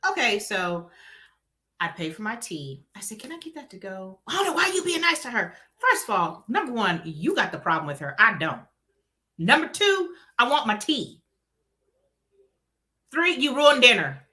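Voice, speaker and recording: A woman's voice: on the high side, big pitch swings, moderate pace, pauses often, sharp tone. A middle-aged woman telling a story casually and acting out the other people's voices.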